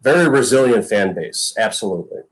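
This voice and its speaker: A man's voice: lowish voice, expressive, a little fast, slightly rough. A man in his thirties, a former punter guesting on a podcast, telling stories in a rambling way full of fillers and quoted lines. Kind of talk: casual storytelling chat.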